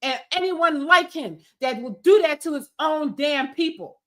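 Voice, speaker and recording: A woman's voice: high-pitched, unhurried. A woman streamer giving heated, scolding political commentary in an emphatic rant. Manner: angry, scolding, emphatic rants.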